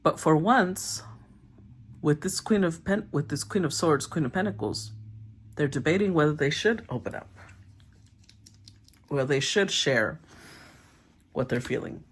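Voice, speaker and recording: A woman giving a casual tarot reading, thinking aloud, often clearing her throat and murmuring as she names the cards. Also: deep voice, lively intonation, a little slow, pauses often. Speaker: tarot reader.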